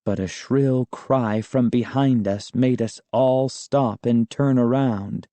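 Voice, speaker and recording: A man reading a children's storybook aloud as first-person narration, with calm, measured storytelling. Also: mid-range voice, no echo. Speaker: audiobook narrator.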